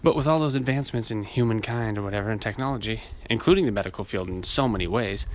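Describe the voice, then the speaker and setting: Lowish guy rambling on his podcast, swears a lot, does little voices for people in his stories, bit of faint noise behind. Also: fast. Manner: rambling, profane storytelling with acted-out quotes. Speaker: podcast host. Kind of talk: casual chat.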